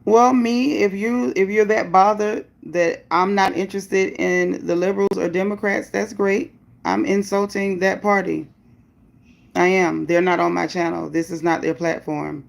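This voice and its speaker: A woman's voice: medium pitch, fairly even intonation, unhurried, gravelly. A woman hosting a livestream, reading viewer comments and speaking bluntly about her opinions and chat rules. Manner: greets viewers by name, upbeat bursts. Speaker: livestream host.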